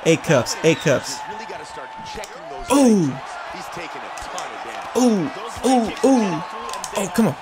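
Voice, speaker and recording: Male gamer, high and very animated, trash-talking over a roaring game crowd. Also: drawn-out words, long pauses. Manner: excitable, yelps and laughs, trash-talks the opponent. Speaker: gamer playing a fight game. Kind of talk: excited let's-play reactions. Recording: game arena crowd noise behind. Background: video game crowd noise.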